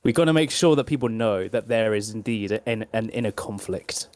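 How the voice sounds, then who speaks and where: A man co-hosting a casual podcast chat, speaking in a deadpan, dryly sarcastic way. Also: fairly low pitch, moderate pace, no room sound. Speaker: podcast co-host.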